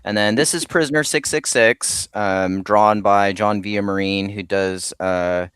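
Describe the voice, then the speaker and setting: A man with a lowish, smooth, clear voice talks as a guest in a casual interview. He rambles along with lots of ums and restarts. The sound is dry and close. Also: a little slow, fairly bright tone, no room sound. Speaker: comic creator guest.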